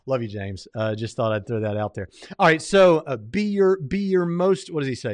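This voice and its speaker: A man's voice: mid-range voice, lively intonation, a little fast, hardly any pauses, a little mellow, no echo, clean studio sound. A man hosting a livestream, commenting casually on a debate, rambling with lots of fillers and restarts. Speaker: livestream host reviewing a debate.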